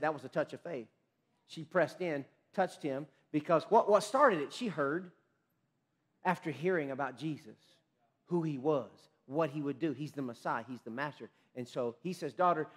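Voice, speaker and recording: In this sermon, a pastor shifts back and forth between loud emphasis and low, quiet speech. He often stops mid-phrase and begins again.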